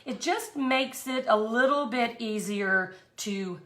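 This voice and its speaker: A woman's voice: on the high side, slow pace, a bit bright, a little hiss or hum. A middle-aged woman hosting a live craft tutorial, chatty and folksy, greeting viewers by name as she works. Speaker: art tutorial host.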